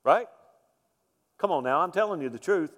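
A man's voice: fairly high pitch, expressive, normal speed, a bit bright, muffled recording. A man preaching a sermon as pastor, emphatic, repeating key lines and asking rhetorical questions. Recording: long reverb of a large hall.

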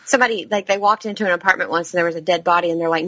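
A woman's voice: lowish voice, fairly even intonation, racing, sharp tone, dry recording. A woman co-hosting a podcast in casual chat, talkative, swearing freely and laughing often. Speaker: podcast co-host.

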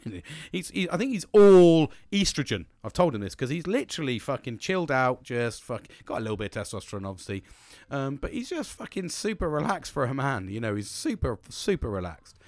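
A man, venting in a casual podcast monologue, blunt and heavy on swearing, telling stories from home with animated energy. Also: on the high side, no room sound.

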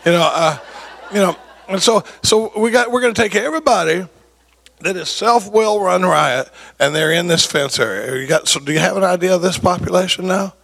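Man, 60s, gravelly and husky, folksy speaker at a recovery meeting who tells stories with jokes. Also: high voice, fast talker. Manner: storytelling, joking, animated asides to the audience.

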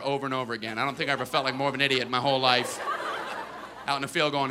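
A man doing a stand-up comedy routine, animated and often slipping into childish voices. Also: very fast, slight background noise. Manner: animated, slips into high-pitched childish voices. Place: comedy venue before a live audience. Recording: live stage recording with loud crowd laughter.

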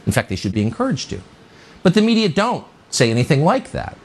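A man's voice: on the high side, huge pitch swings, brisk. Indignant male commentary host. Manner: sarcastic, indignant, emphatic delivery. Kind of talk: opinion monologue.

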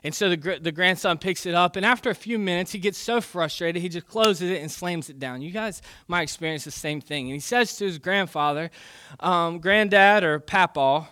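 A man preaches in a loose, chatty way that is full of casual fillers. His voice is bright and a little high for a man. The recording is dry and close. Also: brisk, no echo. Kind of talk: conversational sermon.

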